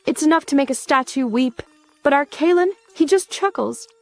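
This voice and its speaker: A woman's voice: sits high, animated, normal speed, dry recording, soft background music. A woman narrating a story recap from a script, in a campy, sarcastic and theatrical way.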